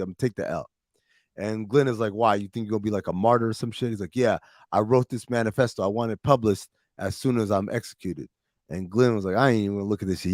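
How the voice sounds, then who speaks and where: Profane, animated male podcast host. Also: medium pitch, no room sound, studio quality. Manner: profane, animated storytelling with quoted dialogue. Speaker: podcast host recapping a TV series. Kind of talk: casual recap chat with friends.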